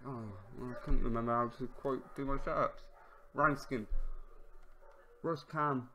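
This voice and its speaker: A man giving casual commentary on his own football management game, excitable, shouting at near misses and goals, and wry about the player names he stumbles over. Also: medium pitch, a little slow, long pauses, a little hiss or hum. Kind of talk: casual let's-play commentary.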